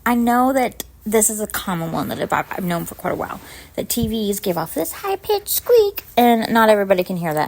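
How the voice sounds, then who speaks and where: A young adult woman telling a story to camera in a casual vlog, animated and acting out the dialogue. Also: fairly high pitch, creaky. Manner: animated, acts out both sides of dialogue. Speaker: vlogger.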